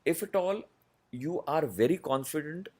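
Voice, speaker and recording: A man, a voice artist answering interview questions in a measured, explanatory way with many pauses. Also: fairly high pitch, expressive, darkish tone. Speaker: voice artist guest.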